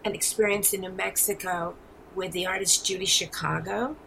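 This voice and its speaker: A woman in her seventies with a New York accent, telling rambling, animated stories as an interview guest. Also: medium pitch, moderate pace, creaky, a little hiss or hum, low-quality recording. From New York City. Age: 70s. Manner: rambling, animated storyteller with frequent restarts. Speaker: guest artist. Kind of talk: casual interview.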